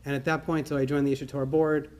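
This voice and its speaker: A middle-aged man telling a personal story to a conference audience, acting out the dialogue in an animated way. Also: fairly high pitch, very fast. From New York. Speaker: conference speaker. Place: conference hall.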